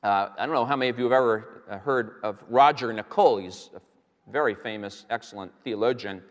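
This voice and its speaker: A man teaching on a Bible passage to a live audience, telling it as an animated story with many fillers and restarts. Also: on the low side, fairly quick. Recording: long hall reverb.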